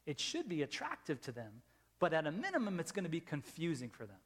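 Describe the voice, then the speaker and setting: Middle-aged male pastor, high voice, emphatic sermon delivery with loud and hushed swings, long hall reverb. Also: wildly swooping pitch, quick pace. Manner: emphatic, swings from loud rising questions to soft low asides. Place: church sanctuary.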